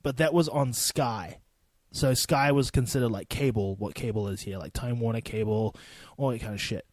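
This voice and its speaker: New Zealand accent, man in his twenties, podcast host, swears freely, rambles, mid pitch, close dry mic. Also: darkish tone, no echo. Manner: loose and profane, rambling with quick asides. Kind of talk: casual solo podcast chat.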